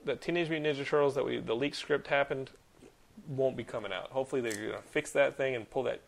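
A man in his thirties hosting a podcast, telling animated stories, ranting and swearing freely. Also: medium pitch, fast talker, vocal fry. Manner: animated storyteller, swears freely, rants loudly. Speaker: podcast host. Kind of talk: casual chat.

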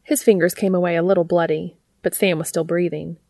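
Gravelly-voiced woman reading fiction. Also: lowish voice, level tone, a little fast, mellow, no echo. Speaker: audiobook reader.

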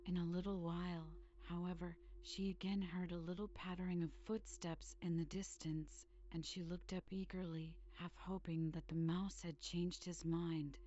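Lady reading a bedtime story real slow, low-ish mellow voice, kinda whispery. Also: little pitch movement, dull audio, a little hiss or hum. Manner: soft, unhurried, drifting into whispers. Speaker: audiobook reader.

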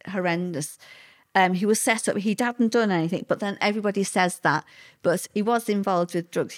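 Hesitant middle-aged woman. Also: on the low side. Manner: halting, hesitant, with many fillers and restarts. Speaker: interviewee. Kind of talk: personal testimony in conversation.

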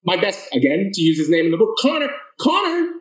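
A man's voice: on the high side, quick pace, roomy sound, low-quality recording. A man from the Boston area answering interview questions, telling his story earnestly and with lots of restarts. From Boston area, Massachusetts. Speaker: author guest.

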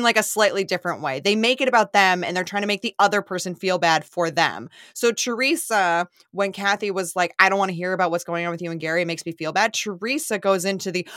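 A woman co-hosting a podcast in an animated, chatty way. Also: medium pitch, a little fast, few pauses, no room sound, studio quality. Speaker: podcast co-host. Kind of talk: casual recap chat.

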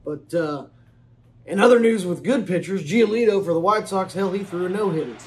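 A man with a slightly higher-than-usual voice hosts a sports podcast, talking in loose, folksy banter. He rambles through a comedic rundown of the news and swears casually as he goes. He keeps tossing in little asides to the listener. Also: a little fast. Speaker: podcast host.

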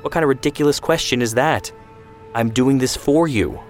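A man's voice: mid-range voice, moderate pace, faint music behind, voice pushed up, natural voice. A man voicing a hot-headed twenty-year-old who is defiant and sarcastic, in a read story. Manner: sarcastic, defensive.

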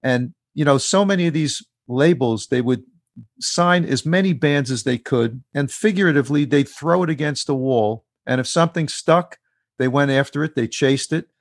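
A male interviewer speaks in a measured, conversational manner. His voice has a middling pitch and sounds dry and close. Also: no room sound. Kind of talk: interview questions and commentary.

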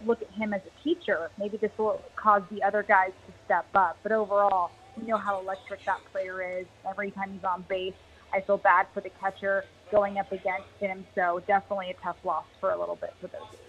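A woman's voice: medium pitch, little pitch movement, a little fast, a bit bright, dull audio, slight background noise. A woman talking baseball as an analyst on a pregame radio show, chatty and self-deprecating. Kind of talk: casual sports chat.

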